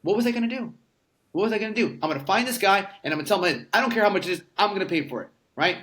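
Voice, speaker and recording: A man's voice: sits high, animated, rapid-fire, fairly bright tone. Emphatic, swearing man in his thirties. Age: 30s. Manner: emphatic, profane storyteller. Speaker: podcast guest. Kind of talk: casual conversation.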